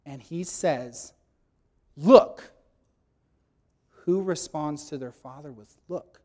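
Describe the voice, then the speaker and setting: Male preacher mid-sermon, emphatic teaching voice sitting a bit high, bursting loud on quoted lines. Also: unhurried.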